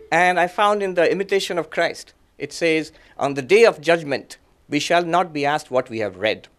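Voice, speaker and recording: A middle-aged monk gives a lecture in a somewhat high, light male voice. He tells his story gently and reflectively, in short phrases broken by frequent "uh" and "um" pauses. Now and then he laughs quietly at himself. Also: expressive. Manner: gentle, reflective, chuckles softly at his own anecdotes. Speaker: monk and guest speaker.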